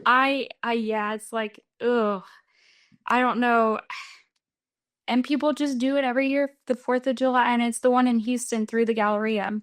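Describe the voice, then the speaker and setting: Chatty American woman from Texas, high voice. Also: normal speed, clean tone. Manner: chatty, laughs often, animated storytelling. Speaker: guest runner. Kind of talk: casual podcast interview.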